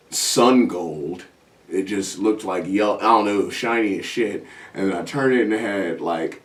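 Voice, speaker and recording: Brief: self-deprecating male comic host, low-pitched, telling a story from a distance from the mic. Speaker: comedian and show host. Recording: roomy sound, mic at a distance.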